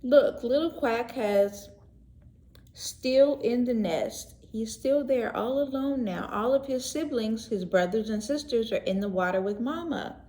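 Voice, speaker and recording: A woman teacher reading a picture book aloud to young children, gentle and expressive, pausing to ask questions and explain words. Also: on the high side. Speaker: pre-K teacher. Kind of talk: read-aloud story lesson for young children. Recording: echoey room.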